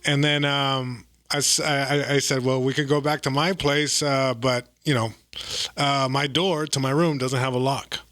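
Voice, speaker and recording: A man's voice: mid-range voice, level tone, moderate pace. A man in his thirties, a comedian guest, telling a story in casual chat with many fillers, restarts and laughs.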